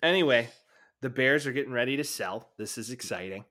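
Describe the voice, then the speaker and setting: A man's voice: medium pitch, fairly quick, bright, forceful tone. A man co-hosting a sports podcast in casual, joking banter, hyping his home team. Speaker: podcast co-host.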